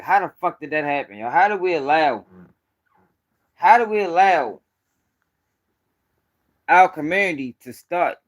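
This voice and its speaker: A man from Baltimore rants through casual live-stream commentary, blunt and heavy on the profanity. His voice sits fairly high for a man, and he hammers his points home with emphatic repetition. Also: a bit bright. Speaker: street news commentator.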